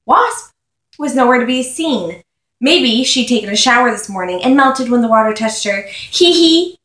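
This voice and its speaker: A woman's voice: fairly high pitch, moderate pace, a bit bright. A woman giving a casual chapter review of a novel, reading passages aloud between wry, sarcastic asides. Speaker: book reviewer. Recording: echoey room.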